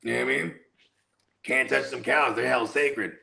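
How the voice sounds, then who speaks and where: A man telling stories in a casual podcast chat, animated and slangy, sometimes breaking into loud shouts. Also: mid-range voice, normal speed, gravelly. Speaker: podcast co-host.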